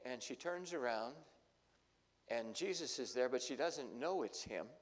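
A male pastor preaching a sermon, telling the story dramatically and swinging between loud and hushed. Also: mid-range voice, animated, unhurried. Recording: long hall reverb.

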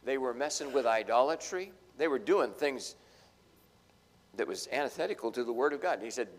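A middle-aged man preaching a sermon in an animated way, swinging between loud emphasis and hushed asides. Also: mid-range voice, fairly quick. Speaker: pastor. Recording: long reverb of a large hall.

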